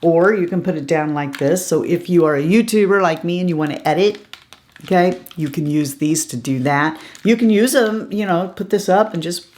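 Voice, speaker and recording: A woman's voice: lowish voice, normal speed, darkish tone. A middle-aged woman chatting casually and frankly while reviewing beauty products, often laughing and asking "okay?". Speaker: beauty vlogger.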